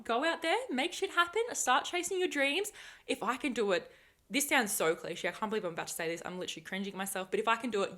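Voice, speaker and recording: A woman's voice: medium pitch, fairly bright tone. Chatty woman podcaster. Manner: chatty, upbeat, swears freely, self-aware asides. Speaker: podcast host. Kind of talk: casual solo podcast chat.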